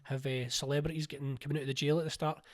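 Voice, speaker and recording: A man's voice: a little high, little pitch movement, rapid-fire. A Glaswegian man in his forties, a playwright and producer talking eagerly in an interview, rambling with frequent restarts. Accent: Glaswegian Scottish. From Scotland. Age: 40s. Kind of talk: casual interview chat.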